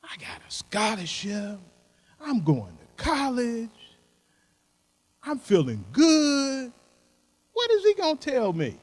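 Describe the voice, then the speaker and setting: Brief: man imitating a cocky young student, high, skeptical. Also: huge pitch swings, slow pace, long pauses, heavily acted. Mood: scoffing. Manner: incredulous, dismissive questioning.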